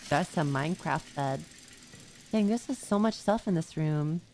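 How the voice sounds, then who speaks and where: A woman streamer chatting playfully and excitably while commenting on her gameplay. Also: sits low, measured pace, a little hiss or hum.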